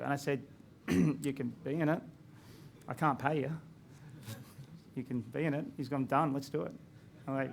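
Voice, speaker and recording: Chatty man with a gravelly voice. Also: medium pitch, steady tone, moderate pace, long pauses, slight background noise. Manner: chatty storytelling with laughs. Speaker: filmmaker. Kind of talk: casual talk at a screening.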